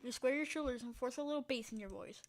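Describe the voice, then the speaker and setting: A woman's voice: high voice, quick pace. A woman reading a text game's story aloud with dramatic delivery, breaking off for short spoken asides and sometimes dropping into a whisper. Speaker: game streamer.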